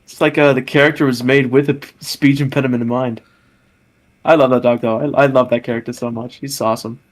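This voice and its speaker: A man's voice: mid-range voice, fairly even intonation, fast. A man co-hosting a casual podcast chat, giggly and rambling with stammering restarts. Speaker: podcast co-host.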